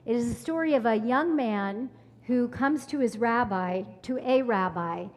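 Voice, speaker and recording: A woman leading a synagogue service who tells a story as a sermon in a slow, measured way. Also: a little high. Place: synagogue sanctuary. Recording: long reverb in a large hall.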